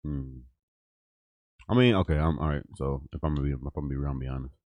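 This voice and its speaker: A man with a very deep voice co-hosts a casual podcast, full of playful teasing. He is recorded dry and close to the mic. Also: very fast, darkish tone, dry recording. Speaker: podcast co-host. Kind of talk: casual chat.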